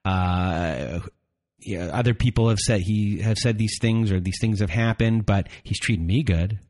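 A man hosting an interview podcast, calmly guiding his guest with questions. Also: fairly low pitch, a little slow. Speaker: podcast host. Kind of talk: interview conversation.

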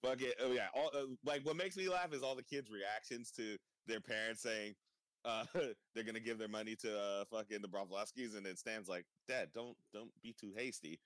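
A young man chatting casually as host, swearing freely, breaking into laughs and rambling. His voice sits low, and the sound is dry and close with no room around it. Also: fairly even intonation, a little fast, fairly bright tone, dry recording. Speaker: podcast host. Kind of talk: casual chat reacting to a cartoon episode.

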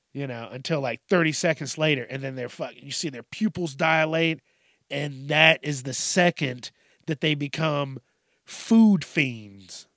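A man hosting a casual, profane, joking news commentary from his desk at home, rambling and breaking into squeaky voices. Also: creaky, fairly bright tone, no echo, clean studio sound.

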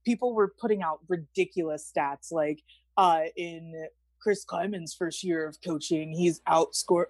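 A woman's voice: sits low, a little slow, a little mellow, dry recording, soft background music. A young woman chatting casually about college football as a podcast guest, rambling with asides. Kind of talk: casual sports chat.

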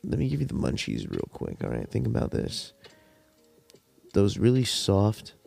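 A young man hosting a podcast, telling stories in a rambling, laid-back, profane way while high, with cotton mouth. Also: huge pitch swings, a little fast, vocal fry, dark tone, breathy edge, soft background music. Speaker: podcast host. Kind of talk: casual storytelling monologue.

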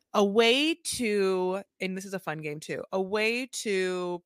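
Bright, teasing woman podcast co-host. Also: on the low side, clear, resonant tone, dry recording. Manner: playful, teasing, quick asides. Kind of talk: casual chat.

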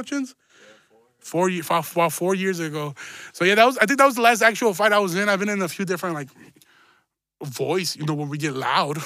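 A man's voice: a little high, pushed and bright, dry recording, clean studio sound. A young man hosting a podcast, telling a long story in casual, slangy, profane talk and laughing along the way. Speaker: podcast host.

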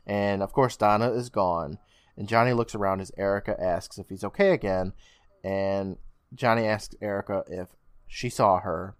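A man co-hosting a podcast, casually retelling an episode's plot with swearing and quick acted-out lines. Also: fairly low pitch, clean tone, dry recording, clean studio sound. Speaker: podcast co-host recapping an episode. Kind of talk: casual recap chat.

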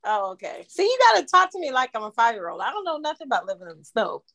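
A woman from Florida co-hosting a relaxed podcast, her voice sitting a little high. She talks in an animated, playful way, full of exaggerated asides and questions. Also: rapid-fire. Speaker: podcast co-host. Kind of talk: casual chat.

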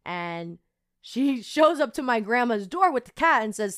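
A young woman hosting a podcast, telling a personal story in a chatty, animated way with lots of fillers. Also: a little high, unhurried. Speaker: podcast host. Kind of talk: casual storytelling monologue.

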